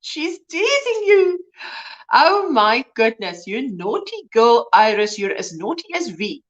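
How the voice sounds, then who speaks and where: Her pitch is fairly high and her delivery very animated yet slow as she hosts a relaxed livestream, reading comments and calling out viewers by name with plenty of exclamations. The audio sounds dull.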